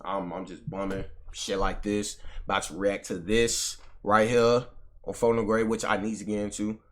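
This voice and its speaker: A man's voice: fairly low pitch, flat delivery, moderate pace. A young man streaming live, bantering with his chat in a slangy, profane, casual way.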